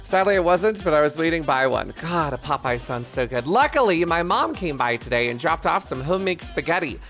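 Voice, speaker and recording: A man's voice: a little high, big pitch swings, a little fast, a bit bright. A man streaming live, chatting casually with viewers in a rambling, self-mocking, profane way, with faint music behind. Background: faint music playlist.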